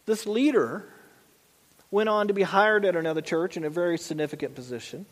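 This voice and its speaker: A man preaches as a pastor in a fairly quick, high-pitched voice, his conversational sermon marked by frequent repeats and restarts. The recording has long hall reverb.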